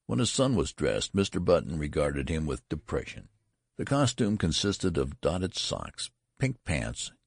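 A man reads a story aloud with a very deep, gravelly voice. His delivery is measured and wry, with lively ups and downs. The sound is husky and dry. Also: no echo. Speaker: narrator. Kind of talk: storybook narration.

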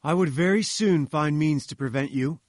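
Man playing a sly inventor, wheedling, smooth, slightly high voice, dry close sound. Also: moderate pace, darkish tone, no echo, natural voice. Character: sly male inventor, nervous and oily.

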